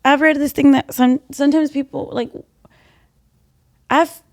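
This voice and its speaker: A young adult woman co-hosting a casual, faith-based podcast, talking earnestly and animatedly with quick bursts and soft drops. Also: high voice, steady tone. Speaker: podcast co-host.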